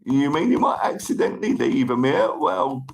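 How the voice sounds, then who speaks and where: Gravelly-voiced man chatting on a livestream. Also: medium pitch, animated, normal speed, low-quality recording. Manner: chatty, thanks viewers warmly by name. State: tickly cough. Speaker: livestream host. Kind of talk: casual live chat reading viewer comments.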